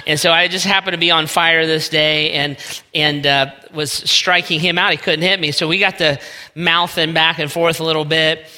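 A man's voice: fairly high pitch, flat delivery, moderate pace, sharp tone. A man in his forties, a pastor giving a folksy, self-deprecating sermon with a personal story in a church sanctuary. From Northeast Ohio. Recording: long hall reverb.

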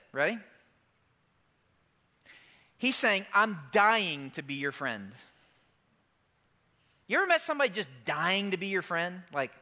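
A man preaching a sermon as a pastor, emphatic and animated, acting out quoted lines and tossing asides to the congregation. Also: high-pitched. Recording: long hall reverb.

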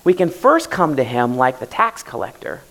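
A male pastor delivering a sermon in a loose, conversational style with a gravelly, creaky edge. He is mid-pitched and often slips into first-person prayers to make his point. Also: very animated, moderate pace, a bit bright, rough recording. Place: church service.

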